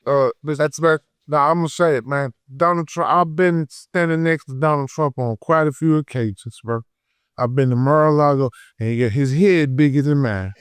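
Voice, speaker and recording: A man from Detroit with a Detroit accent, telling a story in an unfiltered, profane, heated way, swinging between loud and low. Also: moderate pace, smooth, no echo. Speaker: guest. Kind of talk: unfiltered casual interview. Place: podcast studio.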